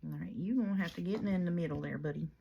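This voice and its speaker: Gravelly woman chatting while crafting. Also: fairly low pitch, rapid-fire, lo-fi sound. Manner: chatty, folksy, talks to herself and her materials. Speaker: crafting vlogger. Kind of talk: casual crafting chat.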